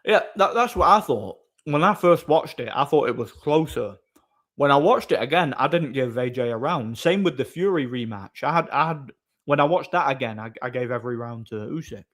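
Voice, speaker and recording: A man's voice: mid-range voice, a little fast, fairly bright tone. A man chatting casually on a live stream, rambling as he answers his chat's comments.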